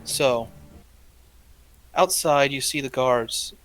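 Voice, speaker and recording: A man narrating as game master in a tabletop game, describing scenes briskly with occasional fillers. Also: medium pitch, a bit bright, no room sound, soft background music.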